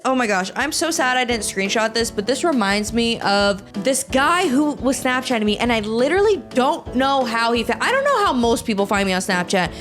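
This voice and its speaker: A young American woman hosting a podcast, reading posts aloud and reacting in an animated, exaggerated, swearing rant. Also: a little high, normal speed, hardly any pauses, faint music behind. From United States. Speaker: podcast host.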